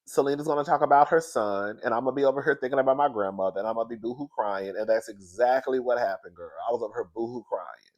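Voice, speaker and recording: A man's voice: mid-range voice, quick pace, darkish tone. A man with a stuffy nose from crying, recapping a reality show in casual chat and calling his listeners "girl.". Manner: chatty, talks to listeners as "girl".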